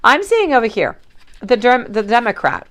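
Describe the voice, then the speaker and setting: A woman's voice: on the high side, sing-song, moderate pace, fairly bright tone. A woman giving a chatty, affectionate livestream tarot reading and calling viewers sweetie. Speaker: tarot reader.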